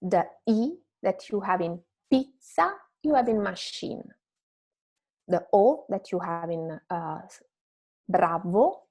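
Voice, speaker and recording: A woman's voice: mid-range voice, creaky, warm tone. A woman with an Italian accent, a native Italian speaker, teaching a pronunciation lesson, patiently repeating word pairs and checking in with listeners. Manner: patient, repeats words slowly for contrast, frequent checking "right?". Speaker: Italian language instructor. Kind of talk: recorded language lesson.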